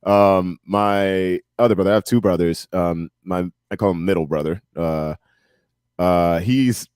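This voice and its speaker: Deep-voiced laughing man. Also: unhurried, smooth, no echo, studio quality. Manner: laughs often, animated storytelling. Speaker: podcast guest, musician and MMA analyst. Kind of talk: casual chat.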